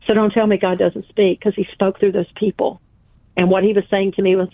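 A woman's voice: medium pitch, flat delivery, fairly quick, dry recording. A woman guest telling a personal story in an interview, earnest and emphatic, repeating phrases for weight. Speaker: guest author. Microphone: phone call. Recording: tinny phone line, dry.

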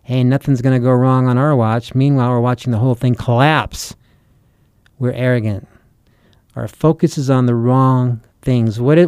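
A man's voice: medium pitch, warm tone, smooth, no echo, studio quality. A man, a Christian author and preacher, delivering an earnest, urgent sermon full of rhetorical questions. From United States. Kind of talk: sermon-style teaching.

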